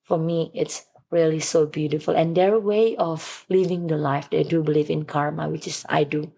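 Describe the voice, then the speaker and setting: A young woman chats as a podcast guest. Her voice sits a little low, and her phrasing is loose, rambling and full of easy laughter. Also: fairly even intonation, normal speed, gravelly, mellow. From Sumatra, Indonesia. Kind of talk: casual interview chat.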